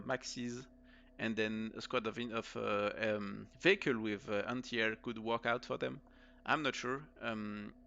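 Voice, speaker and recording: A man's voice: medium pitch, gravelly, bright, forceful tone, lo-fi sound. A man with a French accent giving tired, rambling live commentary on a game match late at night, with many fillers. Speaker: esports caster.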